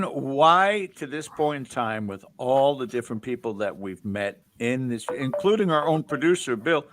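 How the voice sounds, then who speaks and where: A man's voice: medium pitch, a bit bright. A man hosting a talk show who jokes around and asks long, rambling questions.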